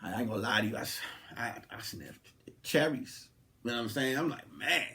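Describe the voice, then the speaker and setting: A young man, a comedian hosting a podcast, telling a comic story and acting out the people in it, swinging from loud outbursts to hushed asides. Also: medium pitch, a little fast, gravelly. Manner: animated, swings from loud to hushed, acts out quotes.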